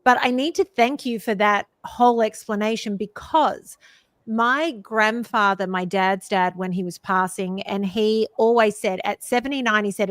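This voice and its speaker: A woman's voice: mid-range voice, normal speed, fairly bright tone, dry recording, studio quality. A woman co-hosting a podcast, telling a personal story in an earnest, heartfelt way. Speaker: podcast co-host. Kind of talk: conversational podcast talk.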